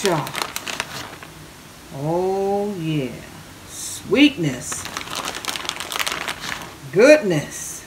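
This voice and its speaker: Slow-talking playful woman cooking. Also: medium pitch. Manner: playful, drawn-out "oh yeah"s, calls viewers babies. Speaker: cooking vlogger. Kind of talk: cooking demo with chatter. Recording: noisy home kitchen recording.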